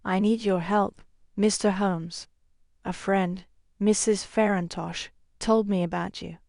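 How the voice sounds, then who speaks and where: A woman's voice: mid-range voice, steady tone, slow pace, creaky, darkish tone, no room sound, clean studio sound. A woman voicing a frightened young woman who pleads anxiously for help in an audiobook story. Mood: worried.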